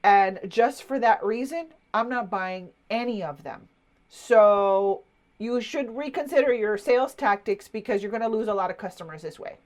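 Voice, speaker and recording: A woman voicing a calm, firm elderly male customer who speaks in a measured, lower tone. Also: close to an everyday voice.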